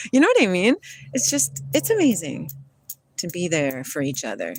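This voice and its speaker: A woman's voice: on the low side, wildly swooping pitch, moderate pace, slight background noise. A middle-aged woman from Washington state, chatting playfully and rambling on a livestream outdoors by a river. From Washington state, USA. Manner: rambling, playful, drifts between chat and singing. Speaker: livestream host. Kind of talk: casual livestream chat with viewers.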